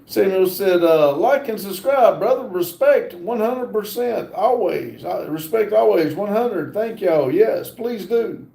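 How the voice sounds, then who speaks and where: A man's voice: sits high, lively intonation, unhurried, creaky, hardly any pauses, mellow, echoey room, low-quality recording. A man hosting a casual livestream, reading viewer comments aloud with many fillers. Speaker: livestream host reading chat. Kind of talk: casual live chat.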